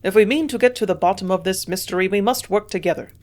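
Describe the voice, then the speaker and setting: A woman voicing a gruff old male German scientist with a strong German accent, grunting out his lines louder than her narration. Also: mid-range voice, fast, lightly acted. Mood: insistent.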